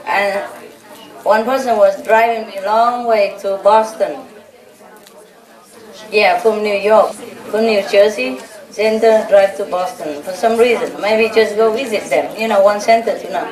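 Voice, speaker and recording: A woman's voice: medium pitch, unhurried, darkish tone. A teasing, laughing woman teacher. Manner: laughing, chatty, teasing, anecdotal. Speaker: spiritual teacher addressing disciples. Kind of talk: informal talk to a gathering. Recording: echoey room heard from a distance, audience laughter. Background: large audience laughing.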